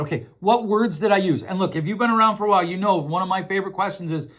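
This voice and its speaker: Male advice speaker, earnest and direct, slightly high voice, acts out examples. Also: fairly bright tone. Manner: earnest, acts out short dialogues with quick shifts in voice. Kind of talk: direct-to-camera advice talk.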